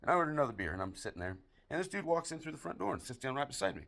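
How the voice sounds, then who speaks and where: A man's voice: mid-range voice, rapid-fire, creaky. Een man met een schorre, rauwe stem. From United States. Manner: profane, deadpan delivery of dirty jokes. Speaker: barroom joke teller. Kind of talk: crude comedic storytelling monologue.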